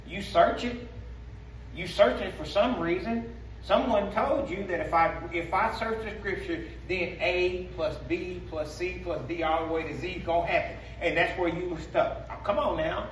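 A man preaching as pastor in a church sanctuary, in call-and-response style with a Black speech pattern, sometimes rising to shouts. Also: sits high, moderate pace, slight background noise. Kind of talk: sermon. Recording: echoey sanctuary from a distance.

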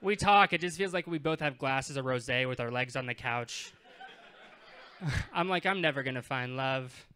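Performing self-deprecating, conversational stand-up at a comedy club, a man in his twenties acts out snippets of dialogue. His slightly high voice is pushed, bright, clear, and resonant, moving at a normal speed with long pauses.

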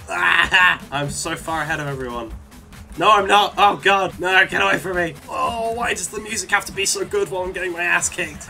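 A young man commentating while he plays a racing game, excitable and quick to yell and laugh at his wins and crashes. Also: sits high, creaky. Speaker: gaming video creator. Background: faint game music.

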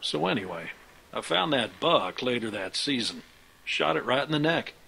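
A grizzled, hard-bitten uncle barks orders to the survivors in a game. His speech is stern and blunt, and his tone stays bright and hard-edged. Under him lies a faint hiss. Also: medium pitch, animated, moderate pace, gravelly, rough recording. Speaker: video game character. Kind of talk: game dialogue.

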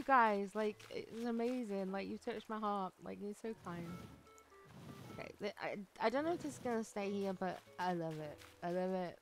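A woman streaming a game, chatting casually and gushing with thanks, often gasping and giggling. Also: mid-range voice. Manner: bubbly, gushing thanks, frequent gasps and giggles. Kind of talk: casual livestream chat while gaming. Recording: faint game music behind.

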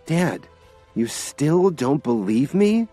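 A man's voice: medium pitch, huge pitch swings, a little slow, darkish tone, slightly rough, soft background music, pitched above the performer's own voice, heavily acted. A man voicing an exasperated young woman pleading with her father. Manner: pleading, insistent.

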